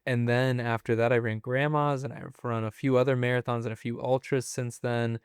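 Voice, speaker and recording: Relaxed young man, smooth dry voice. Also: mid-range voice, fairly quick, no room sound. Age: 20s. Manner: relaxed, chatty, loose with fillers. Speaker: podcast guest. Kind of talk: casual interview storytelling.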